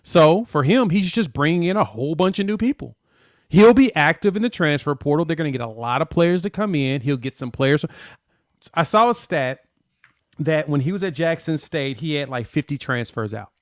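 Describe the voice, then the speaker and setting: Brief: male co-host, slightly high voice, dry close sound, loose talk-show delivery, self-correcting. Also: lively intonation, moderate pace, dry recording. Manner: thinks aloud, self-correcting. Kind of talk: casual sports chat.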